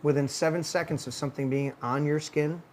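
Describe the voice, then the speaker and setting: Man ranting heatedly, slightly high voice. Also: fairly even intonation, brisk, darkish tone, a little hiss or hum. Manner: heated, profane storytelling rant. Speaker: podcast host. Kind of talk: casual ranting talk show.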